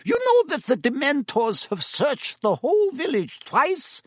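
A gossipy innkeeper woman in a storybook, voiced high and bouncing all over by a man doing her voice. She sounds eager and nosy, in a close, dry recording. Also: wildly swooping pitch, a little slow, no room sound, exaggerated voice. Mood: curious. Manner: chatty, gossipy. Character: curious middle-aged female innkeeper.

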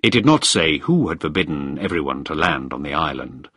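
A man narrating a first-person story in a measured, firm way. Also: a bass voice, animated, a bit bright, breathy edge, dry recording, clean studio sound. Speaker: audiobook narrator.

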